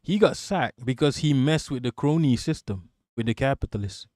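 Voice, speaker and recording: A man's voice: mid-range voice, animated, normal speed, a little mellow, dry recording, studio quality. A man from Malaysia hosting a livestream, ranting casually about politics with lots of swearing and jokes, reading out chat. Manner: profane, joking, reads chat aloud. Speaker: livestream host.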